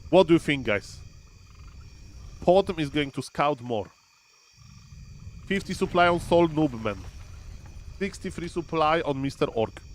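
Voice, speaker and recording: Guy casting his own strategy match live, animated, faint noise behind. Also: a little high, unhurried, long pauses. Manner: animated, often says "ladies and gentlemen", thinks aloud with fillers. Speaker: streamer commentating his own game. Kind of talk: live gameplay commentary.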